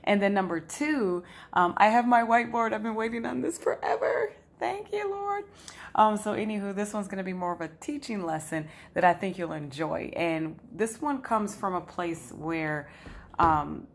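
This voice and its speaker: Low-voiced woman life coach. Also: creaky. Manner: chatty storyteller who acts out quotes. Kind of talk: casual teaching video at a whiteboard.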